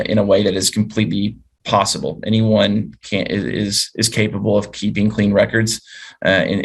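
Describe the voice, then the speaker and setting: A man's voice: on the low side, slightly rough. A man presenting a business training webinar as an advisor, explaining in a conversational way through client stories.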